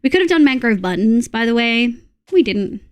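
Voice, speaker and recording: Grumbly Australian woman streamer, higher voice. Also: sing-song, normal speed, clean tone. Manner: grumbling, swears freely, talks to chat while playing. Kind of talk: casual game stream chat.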